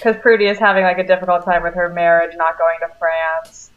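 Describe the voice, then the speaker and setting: A woman co-hosting a podcast, chatting casually about a film and quoting its characters in quick asides. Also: lowish voice, flat delivery, muffled recording. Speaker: podcast co-host.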